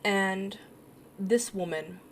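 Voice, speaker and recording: A woman running a tabletop role-playing game, narrating scenes in a giggly, halting way with many fillers. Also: medium pitch, fairly bright tone, a little hiss or hum. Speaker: game master.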